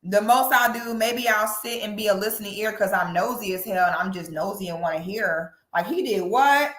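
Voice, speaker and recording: A woman doing casual reaction commentary, sassy and animated. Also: mid-range voice, brisk, roomy sound. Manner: sassy, animated, breaks into loud laughing shrieks. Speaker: commentary vlogger.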